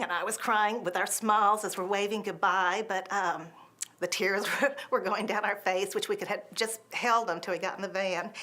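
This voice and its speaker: A woman's voice: medium pitch, fairly bright tone. A woman telling a personal mission trip story, with frequent ums and acted-out voices in quotes.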